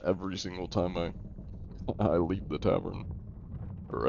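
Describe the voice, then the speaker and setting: Joking young male streamer, low voice. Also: level tone, a little slow, creaky, pauses often, darkish tone, dull audio, slight background noise. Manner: jokey, self-deprecating, answers chat. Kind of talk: casual live-stream chat.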